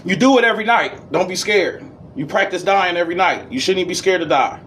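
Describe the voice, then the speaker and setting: A man giving a casual esoteric lecture, reading passages aloud and riffing on them in profane street slang, swinging between high and low registers. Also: fast talker, fairly bright tone, a little hiss or hum. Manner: reads passages, then riffs in profane slang.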